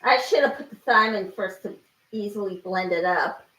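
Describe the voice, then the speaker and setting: A woman's voice: mid-range voice, normal speed, pushed and bright, a little hiss or hum. A woman chatting to herself as she cooks at home, counting ingredients aloud and sighing or exclaiming as she goes. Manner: talks to herself while cooking, with sighs and exclamations. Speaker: channel host cooking on camera. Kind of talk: casual cooking narration. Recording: echoey room.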